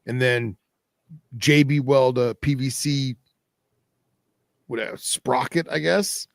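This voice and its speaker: A man hosts a podcast in loose, rambling chat, with plenty of fillers and restarts. His voice has a gravelly edge, and the sound is dry and close. His pitch sits in a middle range for a man. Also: slow pace, no echo. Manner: rambling, filler-heavy, laid-back. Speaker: podcast host. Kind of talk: casual chat.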